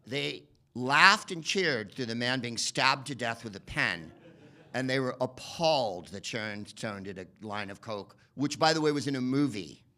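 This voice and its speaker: A man performs a loose stand-up set, swearing freely and bouncing between tangents and voice impressions. His tone is very bright and sharp. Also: medium pitch, normal speed. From United States. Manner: rambling, profane, animated impressions. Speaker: comedian and podcast host. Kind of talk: stand-up comedy.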